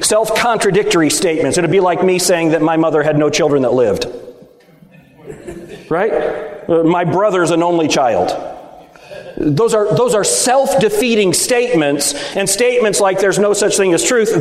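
A middle-aged Baptist preacher delivers an emphatic sermon in a big, echoey sanctuary. His voice sits a touch high for a man and rings out with a long reverb. He keeps tossing rhetorical questions at the room to make sure they are with him. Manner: emphatic, rhetorical, seeking agreement from the audience. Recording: echoey hall, speaker at times off mic.

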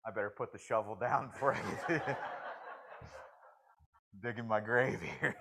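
A man preaching a sermon in a folksy, joking manner, swinging from hushed confession to loud exclamations. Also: lowish voice, takes it slowly, vocal fry, background noise. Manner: shifts from hushed to shouting.

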